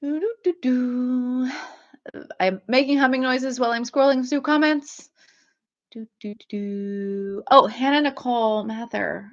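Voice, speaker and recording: A woman's voice: high voice, normal speed, hardly any pauses, muffled recording. A woman author chatting casually on a livestream, rambling with lots of fillers and small laughs as she answers viewers.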